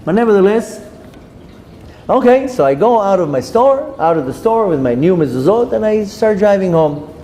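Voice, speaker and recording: A rabbi tells stories in a lecture and acts out every voice in the dialogue. His tone is mellow and sits slightly high for a man. The sound rings through a long reverberant hall with a faint hiss behind it. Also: normal speed. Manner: lively anecdotes, acts out dialogue. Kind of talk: storytelling Torah lecture.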